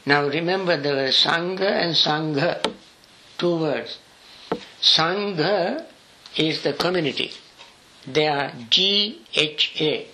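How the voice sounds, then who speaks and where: An older monk explains scripture at a very slow, halting pace, pausing often and spelling words out letter by letter. His voice is bright and fairly high for a man. A faint hiss sits under the recording. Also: low-quality recording. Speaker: monk teacher. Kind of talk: scripture study lesson.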